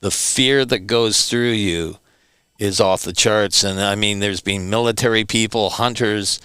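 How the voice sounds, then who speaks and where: A man, a returning guest, telling stories in an animated, emphatic way and repeating words for stress. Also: fairly low pitch, unhurried, smooth, dry recording. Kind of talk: animated storytelling.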